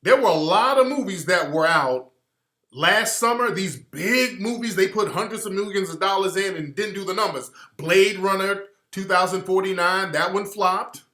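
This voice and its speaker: Man, radio host, bright pushy voice, echoey room. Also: high-pitched, normal speed. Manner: blunt, profane and animated, mimics others in quoted voices. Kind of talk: opinionated radio commentary.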